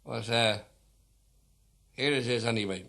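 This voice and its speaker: A man's voice: mid-range voice, unhurried, vocal fry, pushed and bright. A man with a Dublin accent, chatting wryly with hesitant fillers between the ballads he sings. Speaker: singer. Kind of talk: spoken introductions between unaccompanied ballads. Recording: old archival record.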